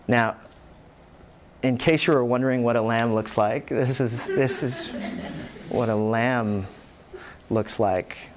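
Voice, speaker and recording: A man preaching a sermon as pastor, animated, acting out the voices in the scripture he tells. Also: medium pitch, slow pace, pauses often, slight background noise. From New York.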